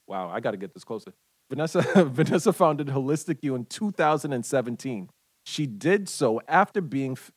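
Haitian-accented male host, relaxed chatty read, mid pitch, dry room. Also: no echo. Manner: laid-back, laughs often, reads the intro haltingly. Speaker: podcast co-host. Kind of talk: casual podcast chat.

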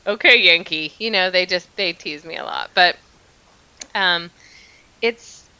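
Chatty American woman guest, bright tense voice, laughs through her stories. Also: fairly low pitch, takes it slowly, smooth, dry recording, poor audio. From Oregon, United States. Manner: chatty, laughs often, storytelling. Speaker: interview guest. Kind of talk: casual conversation.

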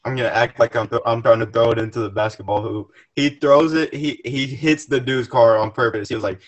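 A man's voice: mid-range voice, steady tone, fairly quick, muffled recording. Young guy rambling thru a story on a podcast, swears a lot, restarts sentences. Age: young adult. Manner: rambling, profane, restarts often. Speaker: podcast guest. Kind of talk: casual storytelling.

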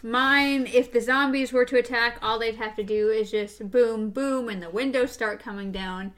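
A woman's voice: a little high, fairly even intonation, moderate pace, fairly bright tone. A woman in casual conversation, chatty and rambling, often laughing. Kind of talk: casual chat.

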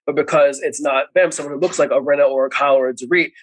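Animated, opinionated man hosting a podcast. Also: on the high side, fast talker, slight background noise, poor audio. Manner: animated, opinionated, repeats himself. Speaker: podcast host. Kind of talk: casual chat.

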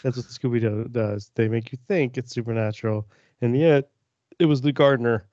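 A man's voice: medium pitch, steady tone, normal speed, dark tone, dry recording. A man co-hosting a casual podcast chat, joking and playfully argumentative. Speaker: podcast co-host. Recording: dull dry sound.

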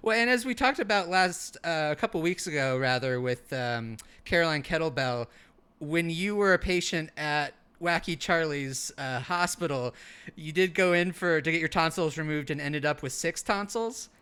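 Comedic co-host, male, bright and crisp voice, halting improv delivery. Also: on the high side. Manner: rambling, halting, full of fillers. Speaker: podcast co-host in character as a park ranger.

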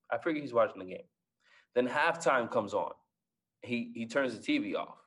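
A man's voice: mid-range voice, lively intonation, fairly quick, a bit bright. A man in his twenties, a guest speaker telling motivational stories with lots of energy. He repeats his phrases and keeps asking the audience "right?". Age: 20s. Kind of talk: motivational storytelling.

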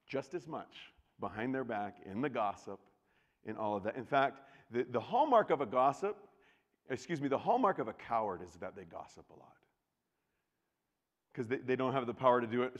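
A male pastor delivers a sermon in a large church, his voice of middling pitch ringing out with a long reverb tail. He talks in a chatty, conversational way with restarts and asides, then jumps from loud outbursts to hushed, almost whispered lines. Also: muffled recording. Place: church sanctuary.

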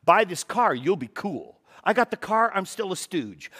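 A man preaches with animated delivery and a slightly high voice. He drops to near-hushed tones, then climbs into loud, emphatic bursts. He often repeats words for emphasis and slips into quoted dialogue. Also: normal speed, few pauses. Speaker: pastor. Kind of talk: sermon.

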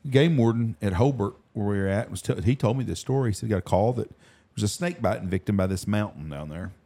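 A man hosts a casual chat, rattling off blunt, crude stories at a fast clip. His voice is low-pitched and mellow. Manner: rapid, blunt, crude storytelling. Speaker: podcast host.

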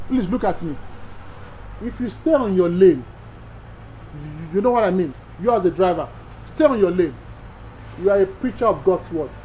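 A man's voice: high-pitched, lively intonation, moderate pace, long pauses, dark tone, lo-fi sound, a little hiss or hum. A man from Nigeria with a Nigerian accent, a pastor giving an emphatic teaching sermon to other pastors, repeating key phrases and asking rhetorical questions.

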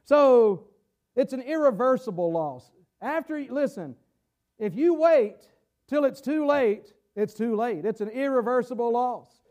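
A man preaching a sermon to his congregation, stumbling over repeated words and rising to shouts for emphasis. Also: very high-pitched, expressive, measured pace. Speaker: pastor. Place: church sanctuary. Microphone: camera-recorded.

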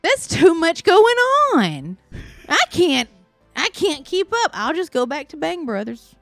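Woman co-host, high animated voice, bawdy and loud, dry booth, faint music under it. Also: unhurried, gravelly, no echo. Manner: loud, bawdy, laughing, drunk-sounding. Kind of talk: crude comedic banter.

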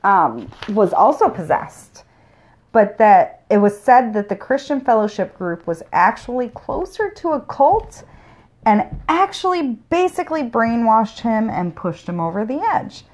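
A woman's voice: on the high side, very animated, measured pace. A woman co-hosting a casual podcast, telling a story in a joking, profane way. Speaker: podcast co-host. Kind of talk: casual true-crime chat.

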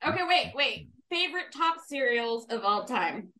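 A woman's voice: fairly high pitch, very animated, normal speed, sharp tone. A woman co-hosting a podcast, playful and giggly, swearing casually. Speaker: podcast co-host.

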